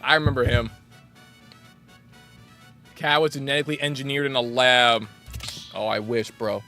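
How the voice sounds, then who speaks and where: Young man, gaming streamer, sarcastic rant, bright voice, faint music behind. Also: mid-range voice, moderate pace. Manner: sarcastic, animated ranting. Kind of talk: casual ranting live stream.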